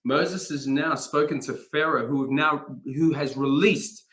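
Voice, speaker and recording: A man's voice: on the high side, measured pace, a bit bright. A young man, a chaplain, giving a casual live-streamed daily devotion through a phone or laptop mic, chatty and rambling, with plenty of fillers and laughter. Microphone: phone or laptop mic, no studio setup.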